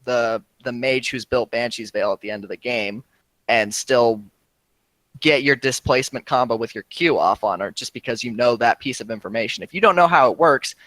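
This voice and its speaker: Cohost guy, mid pitch, bright and forceful, loves ribbing his buddy. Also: no echo, low-quality recording. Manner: teasing, ribs his co-host. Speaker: podcast co-host. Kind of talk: casual gaming podcast chat.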